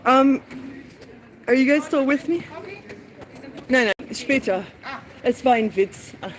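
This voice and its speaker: A woman's voice: high voice, lively intonation, takes it slowly. Chatty woman vlogging on an uphill walk. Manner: chatty, breathless from climbing, yawning. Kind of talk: walking travel vlog. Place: outdoors in a hilly lakeside town.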